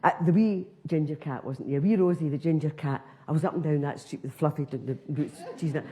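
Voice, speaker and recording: A woman's voice: low voice, a little fast, few pauses. An older Scottish woman, a comedian telling a self-mocking story in a chatty stand-up style. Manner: conversational, self-mocking, lively.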